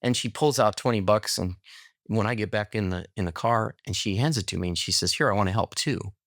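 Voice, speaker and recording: A man's voice: lowish voice, fairly quick, no room sound, clean studio sound. A middle-aged man, a podcast guest, telling a personal story casually and acting out the dialogue. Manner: animated storyteller, acts out quoted dialogue.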